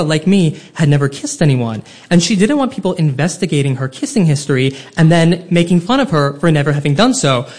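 A man telling a personal story live on stage, with comic, self-deprecating and animated delivery. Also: a little high.

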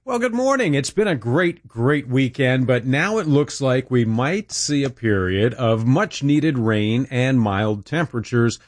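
A man's voice: mid-range voice, big pitch swings, a little slow, few pauses. A man hosting a local morning radio show, making station announcements in a friendly, conversational way.

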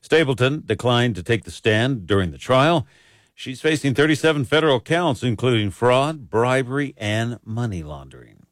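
A man reads the local news for radio in a steady, measured newsreader voice. His pitch sits in the middle range. The studio sound is close and dry. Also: no echo. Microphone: studio microphone.

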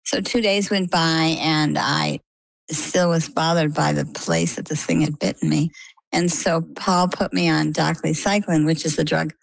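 A middle-aged woman from Maine, a guest in an interview, telling her story in a lively, conversational way and acting out the quoted dialogue. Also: sits low, unhurried, vocal fry, no room sound, poor audio. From Maine, USA.

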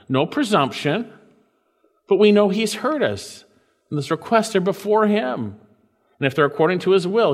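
Man, preacher, earnest sermon, slightly high voice, loud peaks and hushed drops, long hall echo. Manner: swings from loud emphatic peaks to hushed drawn-out phrases. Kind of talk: sermon reading and explaining scripture.

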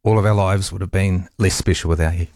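A radio host, a man, speaks about a friend in a halting, heartfelt way, with restarts and soft laughs. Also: low-pitched, fairly even intonation, no room sound, clean studio sound.

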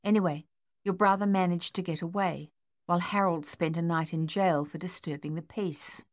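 A woman voicing a worried mother who pleads with her son in a hushed voice. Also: lowish voice, fairly even intonation, moderate pace, no room sound, clean studio sound, lightly acted. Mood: pleading.

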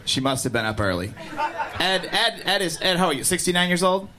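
A man hosting a comedy show, loud and teasing the audience in crowd work. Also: high-pitched, big pitch swings, a little fast. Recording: loud crowd in a noisy club.

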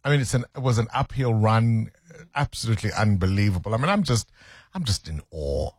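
A man's voice: fairly low pitch, animated, a little fast, breathy edge, no echo, clean studio sound, faint music behind. A man hosting a radio show, chatting casually, laughing often and musing on the news. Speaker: radio host. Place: radio studio.

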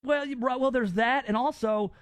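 A man's voice: very high-pitched, normal speed, dry recording. A man from the American South hosting a casual call-in radio show, chatty and emphatic. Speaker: radio host.

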